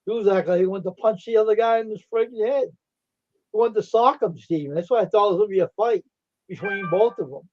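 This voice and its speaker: High-voiced guy hosting a livestream, laughing while he tells a story, dull muffled audio. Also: fast talker. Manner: animated, acts out quotes, laughs often. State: tired. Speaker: livestream host. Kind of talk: casual storytelling chat.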